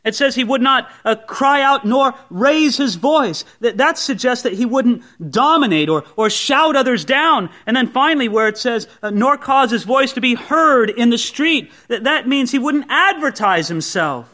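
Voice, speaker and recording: Man preaching a sermon: high, very lively pitch, talks like a chat, voices imagined objections. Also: moderate pace, few pauses. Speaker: pastor. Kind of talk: expository sermon. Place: church service before a congregation.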